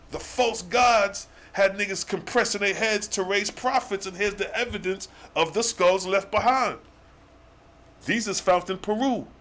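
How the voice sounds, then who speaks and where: A man hosting a live religious stream, reading verses slowly and then breaking into excited slang commentary with rhetorical questions. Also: high voice. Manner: challenges the listeners with rhetorical questions. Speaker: religious livestream host. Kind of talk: live scripture teaching.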